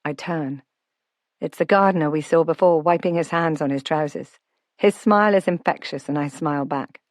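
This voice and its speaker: A woman narrating a novel in first person, reading in a calm, reflective way. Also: low-pitched, normal speed, no room sound, clean studio sound. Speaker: audiobook narrator.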